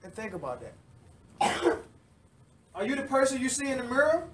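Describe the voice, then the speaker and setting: A man's voice: very high voice, wildly swooping pitch, normal speed, far from the mic, noisy background. A man teaching the Bible to a live group in a fervent sermon, repeating lines and drawing the listeners into call-and-response.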